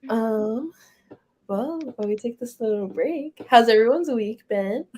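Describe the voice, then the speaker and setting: A woman's voice: fairly high pitch, lively intonation, measured pace, a little mellow. Laid-back young woman podcast host. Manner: friendly, laid-back, uses y'all. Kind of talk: casual chat.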